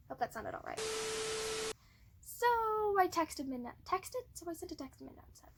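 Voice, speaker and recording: A woman's voice: high voice, heavy background noise. A woman doing flubbed takes of a cosplay skit, giggly and flustered as she restarts her lines.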